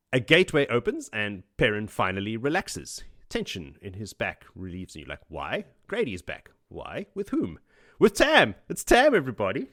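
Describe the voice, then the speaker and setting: A podcast host with a voice on the low side and a bit bright keeps things chatty and jokey, laughing a lot as he summarizes a book chapter by chapter. It's a dry, studio-quality recording.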